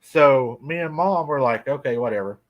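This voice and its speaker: A folksy middle-aged man spins a spooky campfire-style tale with an easy drawl. His voice sits at an ordinary pitch and moves at a relaxed, conversational pace. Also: normal speed, highs cut off. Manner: folksy, drawling, laughs often. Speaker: guest telling a cryptid encounter. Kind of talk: casual storytelling. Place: rural farm home.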